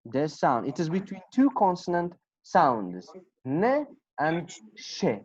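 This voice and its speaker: A woman with a low voice leads an online English class, speaking slowly and with a lively, rising and falling tone. She repeats words patiently and praises her students. The video call audio sounds dull and lo-fi. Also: slightly rough. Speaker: English teacher.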